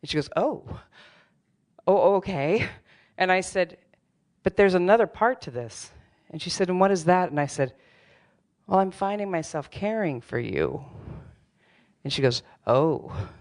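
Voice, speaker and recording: A woman's voice: on the low side, lively intonation, measured pace, a little mellow. A middle-aged woman telling a true personal story on stage, candid and wry, with self-deprecating humor. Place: theater stage before a live audience.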